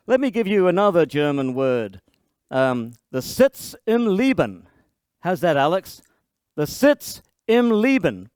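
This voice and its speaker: Lively, slow-paced male preacher. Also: a little high, smooth, no room sound, clean studio sound. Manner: lively, explanatory, with frequent restarts and playful asides. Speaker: pastor. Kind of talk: sermon.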